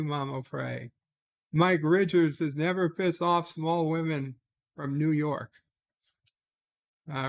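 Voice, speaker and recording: Gravelly man reading viewer comments. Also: on the high side. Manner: reads viewer comments aloud and answers in short asides. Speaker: livestream host. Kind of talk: casual livestream chat.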